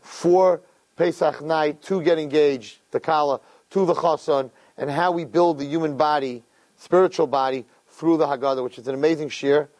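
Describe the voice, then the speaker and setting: This rough recording captures a man with a fairly high voice speaking at a moderate pace. Animated and repetitive, he teaches a weekly religious class, telling stories and talking straight to those listening.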